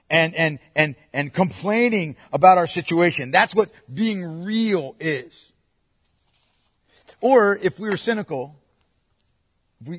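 A man with a husky, slightly high voice preaches a sermon, swinging between loud urging and hushed asides. His voice rings with a long reverb, as in a large hall.

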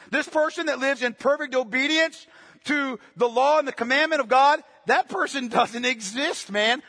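High-voiced guy preaching in a big echoey hall, punchy and repeats himself a lot. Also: normal speed. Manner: emphatic, repeats phrases for stress; swings from quiet to loud. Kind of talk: sermon. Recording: long echo of a large hall.

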